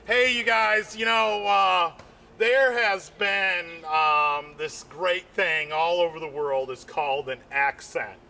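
A man doing a rambling stand-up comedy routine, repeating himself and leaning on "you know", his voice jumping higher whenever he gets excited. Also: slow pace. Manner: voice jumps high when excited.

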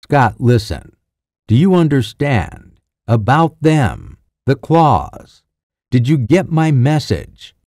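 A man's voice: mid-range voice, sing-song, takes it slowly, a little mellow, dry recording, clean studio sound, voice pushed up. A man voicing a determined army major in an audiobook, asking urgent, anxious questions.

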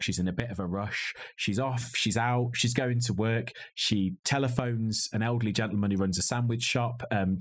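Wry low-voiced man, husky. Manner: wry, joking, rambling asides. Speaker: podcast co-host. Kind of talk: casual film review chat. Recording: slightly glitchy video call audio.

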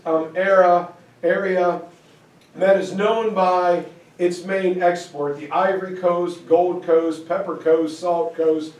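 A man's voice: sits high, darkish tone. A man giving a casual classroom history lecture, talking conversationally with lots of fillers and check-ins with his audience. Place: lecture room. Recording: echoey room from far off.

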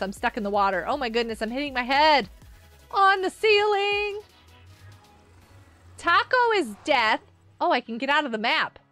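With no room sound, a woman's high, bright voice is heard chatting excitedly over her live gameplay, gasping and laughing with wide pitch swings. Despite the energy, she is sleepy and yawns, and faint game music plays in the background.

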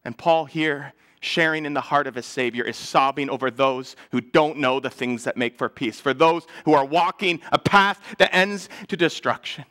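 A man, a pastor, preaching a sermon in a church, earnest, building up louder and then falling to a hush. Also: on the high side, normal speed, hardly any pauses.

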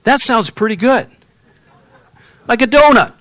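A man's voice: on the high side, moderate pace, pushed and bright, no room sound. A man preaching a conversational sermon, reading scripture and adding personal stories and rhetorical questions. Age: adult, has children. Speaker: pastor.

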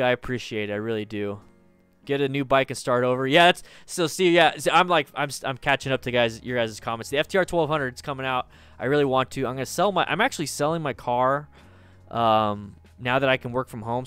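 A man's voice: mid-range voice, a bit bright, clean tone, no echo. A man in his thirties chatting casually from home as a livestream host, reading viewer comments, restarting and repeating himself.

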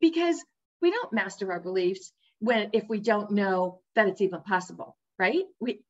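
A woman's voice: medium pitch, expressive, normal speed. A woman speaking directly to the viewer in a motivational talk, upbeat and emphatic, coaching the listener along. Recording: dull lo-fi sound.

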